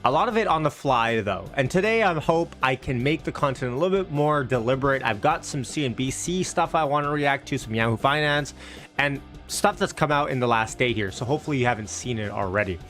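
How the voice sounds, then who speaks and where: A man's voice: mid-range voice, animated, a little fast, a bit bright, faint music behind. A man hosting a casual stock market livestream, upbeat and chatty, greeting viewers from the chat with loose restarts.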